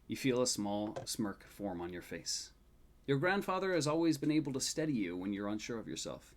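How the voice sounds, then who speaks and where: A male game master reads out a tabletop game scene in measured, soft narration. His voice sits at an ordinary mid-range pitch and sinks to a hush in the sorrowful parts. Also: animated. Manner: soft, measured, dropping quiet at sad moments.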